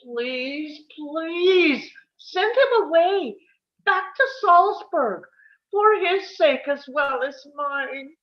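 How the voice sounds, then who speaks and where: Brief: woman reading a bitter, brooding composer, slow and confessional. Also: sits high, lively intonation, dull audio, full character voice. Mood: anguished. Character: male composer, bitter, tormented and jealous. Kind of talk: table-read acting.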